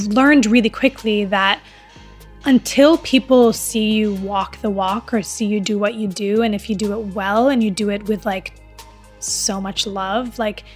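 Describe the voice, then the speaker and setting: A young adult actress with an unusual voice, chatting casually in an interview, rambling with lots of "like" fillers and restarts. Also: female voice, medium pitch. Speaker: actress guest.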